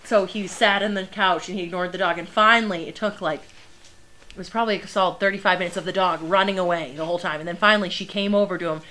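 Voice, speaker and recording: A woman's voice: fairly low pitch, steady tone, quick pace, bright, forceful tone. A young woman training service dogs, chatting casually through a live Q&A, laughing often and filling with ums and likes. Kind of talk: casual livestream Q&A.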